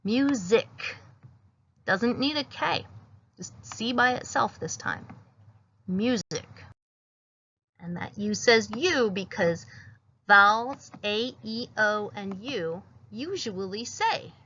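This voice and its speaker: A woman teacher talks slowly through a phonics lesson. She sounds out each letter patiently as she writes the words. The recording is dull and lo-fi. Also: mid-range voice, lively intonation, bright, forceful tone.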